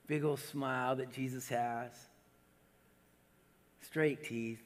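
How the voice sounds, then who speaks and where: A man preaching a sermon with animated delivery, at times dropping to soft, hushed tones. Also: mid-range voice, slow, pauses often. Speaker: pastor. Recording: long hall reverb.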